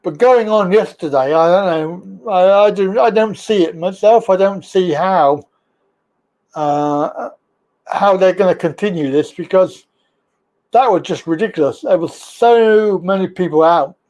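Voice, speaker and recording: This is a man with a Birmingham accent chatting on his own live stream. His voice sits high, and he rambles casually from one subject to the next, teasing whoever comes on. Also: measured pace, a little mellow. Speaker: livestream host.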